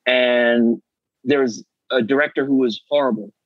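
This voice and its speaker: A middle-aged man, an actor guest, telling animated stories in casual chat and acting out the voices of people he quotes. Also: medium pitch, measured pace, dry recording, muffled recording. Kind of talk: casual storytelling.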